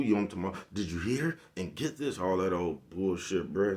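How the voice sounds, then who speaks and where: A man with a deep, low-set voice talks straight to camera in a loose, rambling rant. He is blunt and heavy on profane slang, circling back again and again to ask if you follow him. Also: quick pace, few pauses, a little mellow. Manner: rambling, keeps asking "you know what I'm talking about". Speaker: vlogger. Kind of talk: casual monologue rant.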